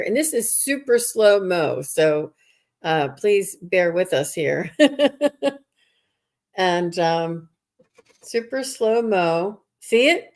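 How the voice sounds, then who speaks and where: A woman hosting a live stream, enthusiastic and unhurried as she talks to viewers. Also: fairly low pitch, a little mellow. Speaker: host.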